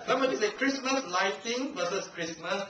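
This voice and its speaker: With a high voice and a brisk pace, a man from Singapore gives a playful, teasing language evaluation at a club meeting in Singaporean English, laughing often. Crowd noise fills the recording, which comes from a distant handheld camcorder in an echoey meeting room with a live audience.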